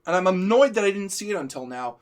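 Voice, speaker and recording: A man's voice: high voice, animated, quick pace. Heated, swearing man ranting. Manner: heated, profane, emphatic. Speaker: show host. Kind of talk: ranting live-stream chat.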